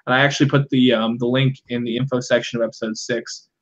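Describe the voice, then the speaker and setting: A man's voice: medium pitch, flat delivery, quick pace, lo-fi sound. A man hosting a live fan recap over a video call, rambling casually with lots of ums and uhs. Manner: rambling, full of ums and uhs, laughs a lot. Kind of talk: casual live-stream chat.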